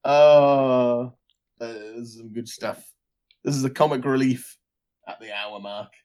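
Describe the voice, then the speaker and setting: A man co-hosting a casual podcast chat, often giggling and breaking into high laughs. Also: unhurried, darkish tone. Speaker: podcast co-host.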